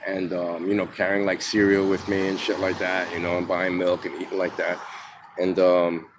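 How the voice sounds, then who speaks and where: A man's voice: deep voice, completely flat delivery, normal speed, noisy background. A man from New York telling his own life story in a loose, rambling way, full of fillers and casual swearing. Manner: rambling, many ums and restarts, swears freely. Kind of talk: casual spoken memoir.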